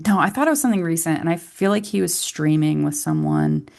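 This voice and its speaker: A woman's voice: sits low, lively intonation, fast, creaky, darkish tone. A woman from the United States co-hosting a casual gaming podcast, with wry joking asides. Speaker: podcast co-host.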